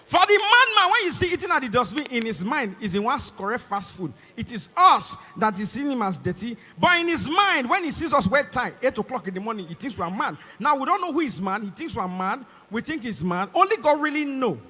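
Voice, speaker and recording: High, bright Nigerian stand-up comedian. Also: male voice, fairly quick, few pauses. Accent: Nigerian English. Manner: animated, acts out voices and shouts. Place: large concert hall stage. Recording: live concert hall reverb.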